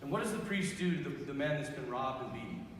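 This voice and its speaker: A priest in his thirties telling a story to young people, animated, laughing and acting out what people said. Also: mid-range voice, quick pace, a little hiss or hum. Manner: animated, acts out quotes, laughs often. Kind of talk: youth retreat talk, storytelling. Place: large hall. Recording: echoey hall from far off.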